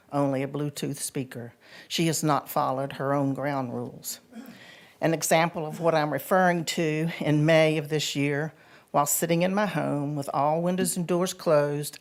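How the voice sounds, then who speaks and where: A woman in her seventies reading a measured, formal public comment at a county board meeting. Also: low voice. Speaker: resident speaking at public comment.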